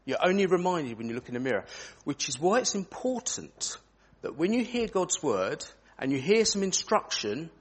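A man's voice: fairly high pitch, moderate pace, slightly rough. A man leading an interactive children's talk in church, asking the children questions as he goes. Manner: animated, asks children questions.

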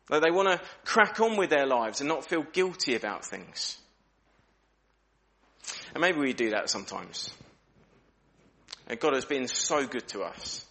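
A man preaching an evening church sermon, acting out questions in lively voices. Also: medium pitch, measured pace, pauses often.

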